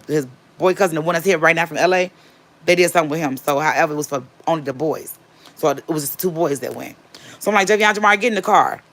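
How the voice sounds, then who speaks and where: A woman casually telling a personal story, animated and repeating herself for emphasis. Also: low voice. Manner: acts out quotes of others.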